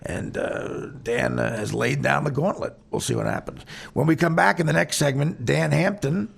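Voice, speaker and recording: Gravelly, lively-voiced male podcast host. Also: a little high, moderate pace. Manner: rambling, crude storytelling. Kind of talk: casual comedy podcast banter.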